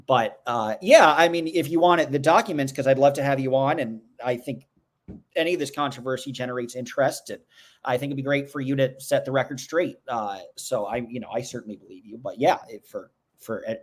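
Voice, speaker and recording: Man hosting a livestream, casual chat, rambling, jokey asides, mid-pitched voice. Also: a little fast. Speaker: livestream host. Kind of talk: casual livestream chat answering viewer comments. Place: indoors at home.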